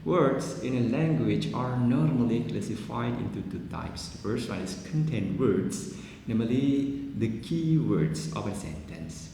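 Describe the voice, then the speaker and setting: Slow non-native male English lecturer, mellow tone, big reverberant room with faint hiss. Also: medium pitch. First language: Indonesian. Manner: slow, deliberate explaining with "well, everyone" and "yeah" asides. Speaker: university pronunciation lecturer. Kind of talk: recorded classroom lecture. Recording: echoey long-reverb room, faint noise.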